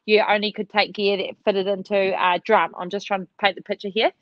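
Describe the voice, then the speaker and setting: A woman telling a funny story over a video call, animated and laughing, full of "like". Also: medium pitch, a little fast, no echo, muffled recording. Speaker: netball player catching up with a teammate. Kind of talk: casual video call chat.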